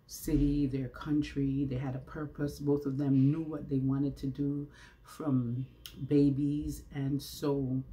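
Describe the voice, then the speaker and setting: A woman's voice: rumbling low, mellow. A woman talking to her viewers from home, chatty and preachy, asking rhetorical questions. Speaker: vlogger. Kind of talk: casual vlog monologue. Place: at home, indoors. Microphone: camera facing her, with ring light.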